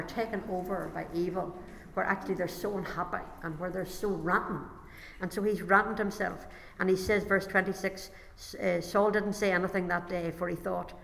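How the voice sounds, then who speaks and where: A woman's voice: on the low side, gravelly. A woman delivers a sermon in a hall with a long echo. She reads scripture aloud, then breaks off to explain each passage in her own words. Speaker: preacher. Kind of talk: sermon with Bible reading.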